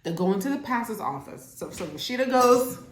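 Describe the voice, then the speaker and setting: A woman at home giving a casual, animated recap of a TV show, acting out the characters' lines as she goes. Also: a little high, brisk. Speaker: TV show reviewer. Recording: roomy echo.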